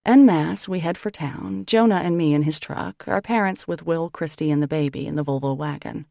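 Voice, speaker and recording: A woman's voice: low-pitched, moderate pace, gravelly, hardly any pauses, dark tone, dry recording, studio quality. A woman narrating a first-person novel as an audiobook, in a wry, conversational way.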